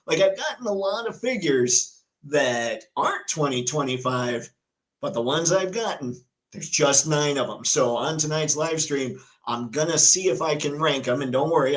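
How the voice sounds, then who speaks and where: Chatty, excitable man hosting a livestream. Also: on the high side, low-quality recording. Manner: chatty and excitable, reads viewer comments and news aloud. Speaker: livestream host. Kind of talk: casual live stream chat.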